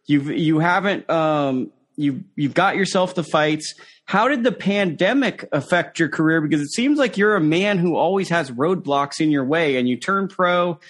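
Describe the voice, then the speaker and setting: Male interviewer, somewhat high voice, conversational, rambling questions. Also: lively intonation, normal speed, a bit bright. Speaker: interview host.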